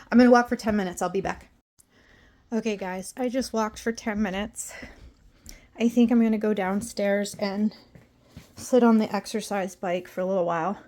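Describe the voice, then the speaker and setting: A woman's voice: a little high, dark tone. Woman, home vlog, rambling, self-deprecating, exasperated, casual. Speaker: vlogger.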